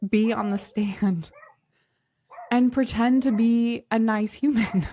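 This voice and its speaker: A woman co-hosting a podcast in casual chat, animated and chatty, laughing often. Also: on the high side, slow, slight background noise. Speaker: podcast co-host.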